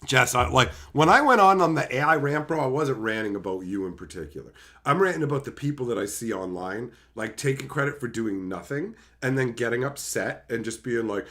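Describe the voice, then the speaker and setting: A man's voice: mid-range voice, big pitch swings, moderate pace, few pauses, pushed and bright. A man streaming to his chat, ranting casually and sarcastically with plenty of swearing, and mocking others by putting on their voices. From Canada. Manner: profane, sarcastic, mocks others in put-on voices.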